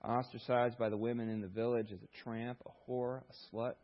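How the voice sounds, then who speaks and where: A male pastor preaching a sermon, retelling a story in an animated way with rhetorical questions. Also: mid-range voice, normal speed, lo-fi sound.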